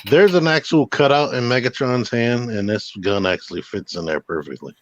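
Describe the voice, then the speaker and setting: A man's voice: mid-range voice, moderate pace, lo-fi sound. A man co-hosting a podcast in casual chat, laughing easily and adding short remarks. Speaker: podcast co-host.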